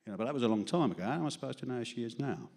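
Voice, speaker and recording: Racing and animated, a mid-range male voice with vocal fry and a darkish tone performs at an open mic. He's a Londoner doing self-deprecating, meandering comedy and poetry for a small studio audience, often laughing at his own lines.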